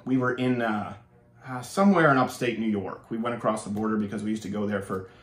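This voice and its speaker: A man's voice: fairly low pitch, quick pace, reverberant. A young man from Canada, hosting his show with an opinionated, sarcastic monologue full of restarts. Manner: animated, sarcastic, with many restarts. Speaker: show host.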